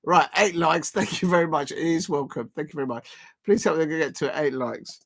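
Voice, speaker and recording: A man's voice: a little high, fairly quick, a bit bright. Guy rambling on a footy watchalong stream, reading out chat and going off on tangents. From South London. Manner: rambling, chatty, reads and answers viewer messages. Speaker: livestream host. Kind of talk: live football watchalong chat.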